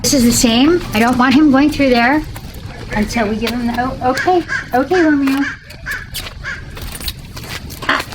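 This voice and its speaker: A woman with a fairly high voice teaches a dog training lesson, switching between steady explanation and coaxing praise. She sounds distant from the camera in a very echoey space, with faint background noise. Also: a little fast.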